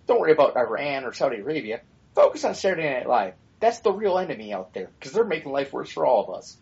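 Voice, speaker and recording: A man's voice: mid-range voice, very animated, fast, vocal fry, a little mellow. A man riffing casually on a podcast, blunt and profane, drifting into asides before circling back. His voice sits mid-range. The audio is dull and a bit lo-fi. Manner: blunt, swears freely, rambling asides. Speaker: podcast co-host. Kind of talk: casual opinionated chat.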